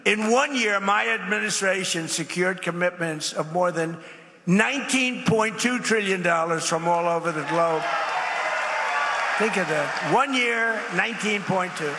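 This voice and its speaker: A man's voice: high-pitched, a little slow, very noisy. Man giving a rambling, emphatic speech. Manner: repetitive, emphatic, rambling asides. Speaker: speaker at a public event. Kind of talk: off-the-cuff rally speech. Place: large event space. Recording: reverberant hall with faint ambience.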